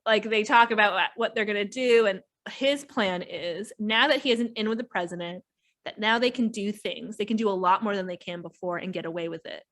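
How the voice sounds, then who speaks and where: A young adult woman hosting a book review podcast, telling the story in casual chat with lively acted quotes. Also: mid-range voice, fairly quick. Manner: animated retelling with acted quotes and laughs.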